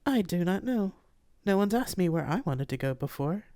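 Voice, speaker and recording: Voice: mid-range voice, big pitch swings, normal speed, mellow, dry recording, clean studio sound, voice pushed up. The reader voicing a shy, polite female starship AI who speaks formally in an audiobook. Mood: gentle.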